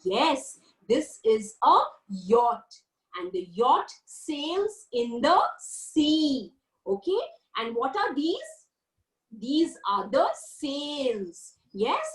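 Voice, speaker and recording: A woman's voice: high voice, rough recording. A woman teaching a lesson to young children, drawing out sounds in a sing-song, coaxing way. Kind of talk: online kindergarten lesson.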